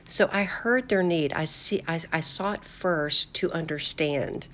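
Older woman, deep low voice, devotional talk host, earnest, chatty with restarts. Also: measured pace, a bit bright, a little hiss or hum. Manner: earnest and conversational, with fillers and restarts. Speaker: host of a faith talk show.

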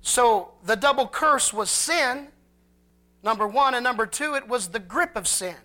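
A pastor preaching a sermon in a fervent way, reading scripture slowly and swelling louder on key phrases. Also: medium pitch, animated. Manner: slow, drawn-out scripture reading.

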